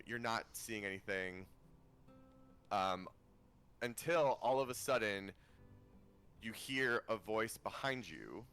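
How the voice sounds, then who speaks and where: Guy running a tabletop game, bright voice, rambly with lots of ums, faint music under. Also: on the low side, slow pace, long pauses. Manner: rambling, many ums and restarts. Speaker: game master.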